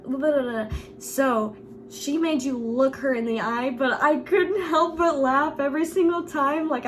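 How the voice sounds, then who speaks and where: A young woman with a high, bright-sounding pitch tells a story in a relaxed, chatty vlog manner. She giggles often and fills her sentences with casual fillers. A faint hum sits under her voice. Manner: giggly, laughs through the story. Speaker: vlogger.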